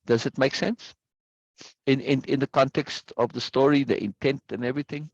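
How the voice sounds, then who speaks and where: A man's voice: medium pitch, fairly even intonation, moderate pace, darkish tone, breathy edge, dry recording, dull audio. A man leading an online study group in a casual, rambling way, who often stops to ask "right?". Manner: rambling, repeats words, asks "right?" often. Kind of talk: casual teaching over a video call. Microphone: video call.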